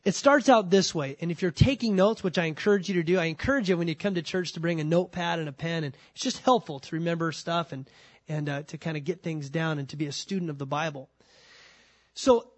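High-voiced emphatic male preacher. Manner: emphatic, repeats words when starting a thought. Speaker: pastor. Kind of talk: sermon.

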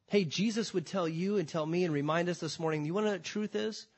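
A man preaching a sermon to a congregation, emphatic, swinging between loud declarations and quiet, drawn-out phrases. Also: high-pitched. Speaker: pastor. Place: church before a congregation.

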